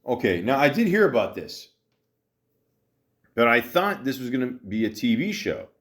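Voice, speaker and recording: A man's voice: mid-range voice, very animated, moderate pace. A man hosting a podcast alone, chatting casually about a movie in a rambling, joking way, full of swearing, fillers and restarts. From half Italian, half Greek heritage. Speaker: podcast host. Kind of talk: casual solo podcast commentary.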